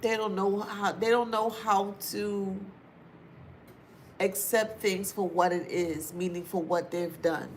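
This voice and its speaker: Speaking in a steady, mid-range tone over slight background noise, an astrology or tarot reader offers her viewers a casual spiritual reading. She's informal and talkative, repeats phrases to stress them, and often laughs or wanders into drawn-out asides.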